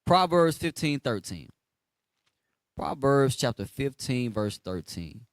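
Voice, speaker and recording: A man's voice: mid-range voice, big pitch swings, takes it slowly, no room sound. A man preaching a street sermon, blunt and slangy, asking listeners to finish the verses.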